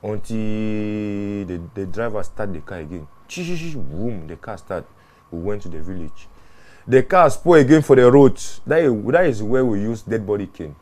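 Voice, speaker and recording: A man, a mortuary worker telling his experiences in an interview, earnest and animated, often repeating words and restarting phrases. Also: fairly low pitch, moderate pace. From Ghana. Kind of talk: interview storytelling.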